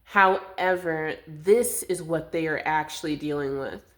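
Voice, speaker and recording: Slow, gentle woman reading tarot. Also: sits low. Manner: slow, soothing and affectionate, calls viewers loves and darling. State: a little winded, with coughs. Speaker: tarot reader. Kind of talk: collective tarot reading to camera.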